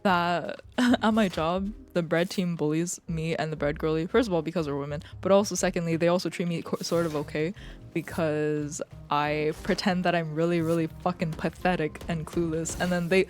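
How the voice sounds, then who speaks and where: A woman's voice: fairly low pitch, steady tone, normal speed, a little mellow, soft background music. A young woman streamer in casual live chat, rambling, swearing often and joking as she goes.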